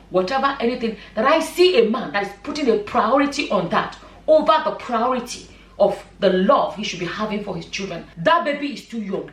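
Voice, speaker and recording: A woman and mother speaks her mind on camera with passion, driving each point home and repeating it for weight. Her voice sits at a middling pitch. It carries the echo of a room, picked up from some distance away. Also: a bit bright. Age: adult, a mother. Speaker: vlogger. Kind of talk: opinion vlog commentary. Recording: echoey room, mic at a distance.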